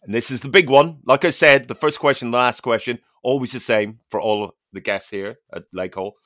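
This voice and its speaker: Deadpan man hosting. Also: mid-range voice, brisk, hardly any pauses, no echo, studio quality. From Northern Ireland. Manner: deadpan, teasing. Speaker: podcast host. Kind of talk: comedy interview.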